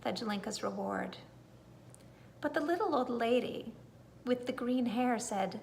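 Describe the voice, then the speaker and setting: A woman reading a bedtime story aloud in a gentle, expressive way. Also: fairly high pitch, measured pace, vocal fry, long pauses, slight background noise. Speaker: storybook reader.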